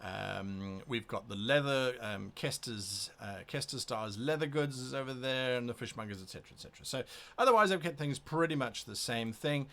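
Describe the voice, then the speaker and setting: A man's voice: mid-range voice, animated, moderate pace, a bit bright. A man who runs a tabletop game talks casually to camera before a session, thinking aloud as he explains how he prepares. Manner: thinking aloud, explaining his prep methods. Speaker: game master.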